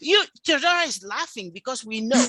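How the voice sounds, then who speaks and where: A woman speaking on a book launch panel, animated and laughing, acting out little exchanges as she talks. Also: fairly high pitch, brisk, a loud crowd. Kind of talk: casual online panel talk.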